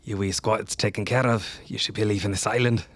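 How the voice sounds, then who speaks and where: A man's voice: fairly low pitch, fairly even intonation, a little fast. A man voicing a stern old grandfather in a tabletop role-play.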